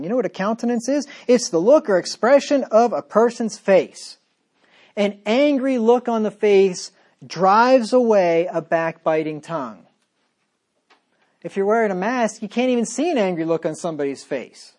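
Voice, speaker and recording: A man preaching a sermon, reading verses aloud and dropping into sarcastic low asides between loud points. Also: lively intonation, moderate pace.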